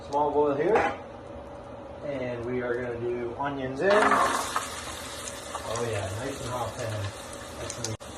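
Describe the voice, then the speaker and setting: Cooking in his home kitchen, a man with a mid-range voice chats his way through a recipe as a vlogger, cracking jokes and staying upbeat. Background noise is audible.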